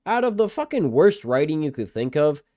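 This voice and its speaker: A man's voice: a little high, very animated, moderate pace, warm tone, no room sound, clean studio sound. A man reviewing a show in a mock rant, swearing constantly with a sarcastic edge. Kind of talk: profanity-laden mock rant.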